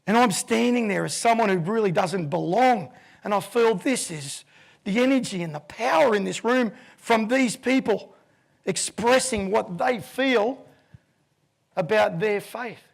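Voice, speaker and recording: A man's voice: high-pitched, vocal fry. A man in his fifties giving a keynote talk, telling a vivid story and acting out the voices in it. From Australia. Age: 50s. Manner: vivid, animated storyteller who acts out voices. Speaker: keynote speaker.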